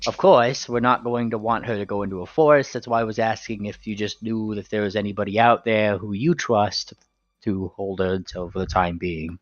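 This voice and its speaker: Smooth-talking adventurer in a tabletop game, low-voiced, dull muffled audio, as a player voices him. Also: male voice, steady tone, moderate pace, close to an everyday voice. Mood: diplomatic. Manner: smooth and diplomatic, with hesitant fillers. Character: polite scheming male adventurer.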